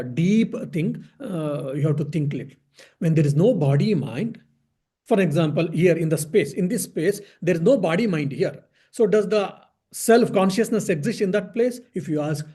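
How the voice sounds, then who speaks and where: A male monk gives a spiritual discourse in a husky, mellow voice that sits a little high for a man. He teaches patiently, poses questions to his listeners, answers them himself and repeats his key phrases for emphasis.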